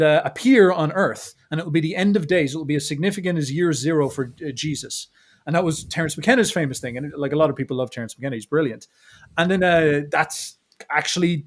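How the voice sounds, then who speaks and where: A man talking as a podcast guest in a casual, animated way, acting out what other people said. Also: fairly high pitch. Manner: animated, acts out quotes of others. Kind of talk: casual conversational monologue.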